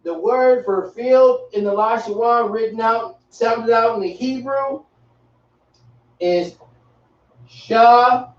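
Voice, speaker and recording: Male teacher, high voice, casual and slangy, recorded from across a dull room. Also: slow pace. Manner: relaxed, slangy, repeats himself. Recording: echoey, distant, dull room sound.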